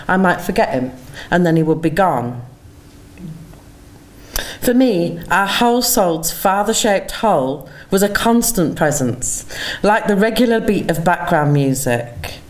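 A woman, an author giving a measured, reflective reading of her own memoir at a conference, with lingering pauses. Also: on the low side. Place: conference venue.

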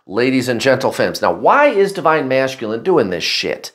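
Male tarot reader, casual and outspoken, with a lively, swooping delivery and plenty of swearing. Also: medium pitch, normal speed, hardly any pauses. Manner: blunt and chatty, swears, keeps saying "guys". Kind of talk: casual tarot card reading.

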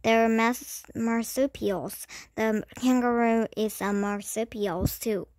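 A woman's voice: on the high side, fairly even intonation, slow, darkish tone, no echo. A woman voicing an earnest, bookish young boy in a storybook, speaking carefully.

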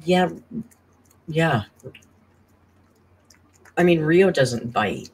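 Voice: mid-range voice, animated, extremely slow, a little mellow, slight background noise. Tired, chatty live-stream host. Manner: chatty, thanks viewers and reads their messages aloud. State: tired, worn down by caregiving. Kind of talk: casual live-stream chat.

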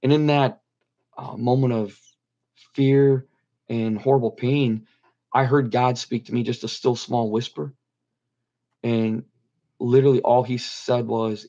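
Earnest middle-aged man, mid-pitched, slightly muffled interview audio, repeats himself for emphasis. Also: fairly even intonation, measured pace, pauses often, warm tone. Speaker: guest telling his near-death story. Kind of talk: personal testimony in an interview.

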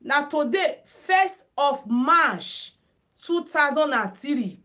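A woman's voice: high-pitched, lively intonation, takes it slowly, bright, forceful tone. A middle-aged Nigerian woman with a Nigerian accent, hosting a casual beauty livestream on her phone and chatting with her viewers in Pidgin-mixed English. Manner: chatty, addresses viewers as "my people", sing-song calls. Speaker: makeup and headwrap livestream host.

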